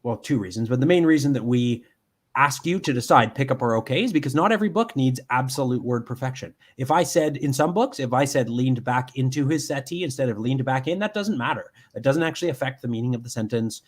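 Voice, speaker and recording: A man giving a live software demonstration from home, explaining step by step with frequent ums and restarts. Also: mid-range voice, animated, brisk.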